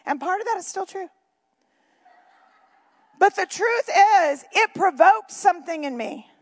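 A woman's voice: very high voice, expressive, a little slow. A woman preaching a sermon, reading Bible verses and breaking off for chatty, joking asides to the congregation.

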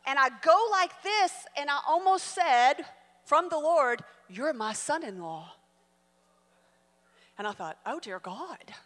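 A woman in her forties delivering a storytelling sermon as a guest preacher, her voice sitting somewhat high. She moves between hushed confiding asides and loud, excited bursts. The sound carries a long reverb from a large hall. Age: 40s. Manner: animated, swinging from soft asides to loud exclamations. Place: church auditorium.

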